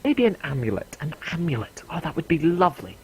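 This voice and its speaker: A man voicing a flamboyant woman magic shopkeeper who calls everyone darling in a drawn-out, sing-song way. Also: a little high, sing-song, darkish tone, faint music behind, pitched above the performer's own voice, poor audio. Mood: theatrical.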